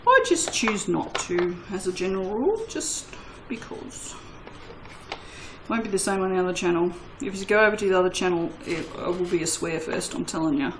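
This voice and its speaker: A woman's voice: mid-range voice, slight background noise, low-quality recording. A woman who hosts a soap-making channel and chats casually and self-mockingly to her viewers while she crafts, laughing often.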